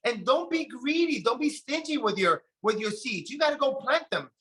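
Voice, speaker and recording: A man with a notably high, bright voice gives a preachy motivational talk over a video call. He urges his listeners on in earnest, pressing each point. It is the talk of a sales team leader rallying his group. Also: lively intonation, normal speed. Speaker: network marketing team leader.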